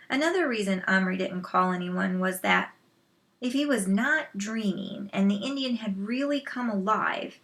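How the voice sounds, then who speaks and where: A woman reading a children's novel aloud, slow and measured, with soft asides to listeners. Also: medium pitch. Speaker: storyteller.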